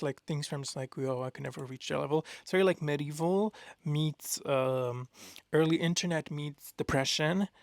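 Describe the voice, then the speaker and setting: Young man, gravelly, slightly high, excitable rambling chat, dry close sound. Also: no room sound. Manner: excitable, gushing, rambling with many fillers. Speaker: art vlogger. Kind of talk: casual chat.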